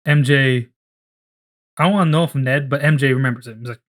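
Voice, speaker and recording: Rambling young man, casual talk. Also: mid-range voice. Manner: rambling, acts out characters in quick voices, swears freely. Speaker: podcast co-host. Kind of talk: casual chat, pitching a story.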